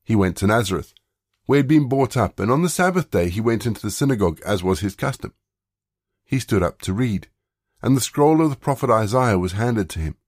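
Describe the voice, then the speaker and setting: Man leading a devotion, scripture reading, fairly low, dry close sound. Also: expressive, a little fast, darkish tone, no echo. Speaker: leader of a daily devotion.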